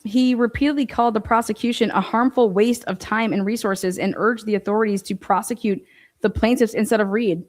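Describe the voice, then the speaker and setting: Speaking a little fast with fairly even intonation, this woman has a medium-pitched, darkish voice. Her ranting commentary on a court case is indignant, sarcastic and full of swearing. She reads from the filings, rebuts them, and mocks others by putting on their voices.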